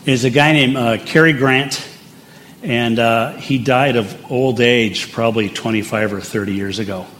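A man's voice: medium pitch, fairly even intonation, a little slow, a bit bright, slight background noise. Older male pastor, chatty sermon. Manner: conversational and anecdotal, with asides.

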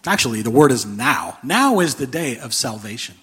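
A man preaching a sermon in an animated, conversational way, with a husky voice. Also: mid-range voice, moderate pace. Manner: animated, conversational, with frequent restarts and laughter. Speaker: pastor.

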